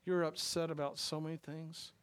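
Man doing a calm, soft-spoken teacher, gentle and quiet. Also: fairly high pitch, normal speed, clear, resonant tone, lightly acted.

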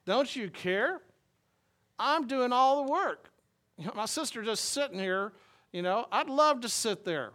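Martha, an exasperated woman stuck with all the kitchen work, as a preacher puts her on, cries out in a high, strained, pleading voice. The voice climbs well above his own and gets loud as she complains. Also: animated, unhurried, full character voice. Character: frazzled fretting woman cook, exasperated. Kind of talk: sermon storytelling.

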